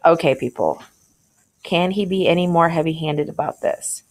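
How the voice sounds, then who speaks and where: A woman's voice: low-pitched, moderate pace, a little mellow. A woman teacher walking through a short story in a conversational way, thinking aloud and asking questions as she annotates.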